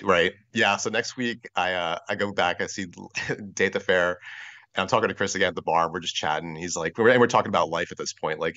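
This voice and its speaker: A man with a low voice tells his story at a quick clip over a video call. He gets animated, swears freely and acts out what other people said. The audio is dry and dull, like a compressed internet call. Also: dry recording. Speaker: podcast guest.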